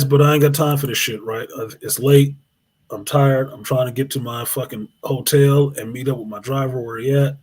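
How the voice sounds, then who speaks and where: A man hosting a live show and spinning a long anecdote, animated and loaded with swearing. His voice sits at an ordinary middle pitch with a husky, slightly raspy texture. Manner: profane, animated storytelling with laughs. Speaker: host.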